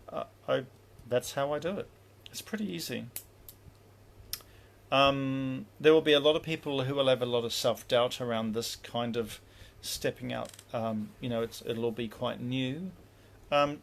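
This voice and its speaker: A man's voice: medium pitch, vocal fry. A man teaching spiritual practice in a casual livestream, rambling with many fillers and acting out inner dialogues.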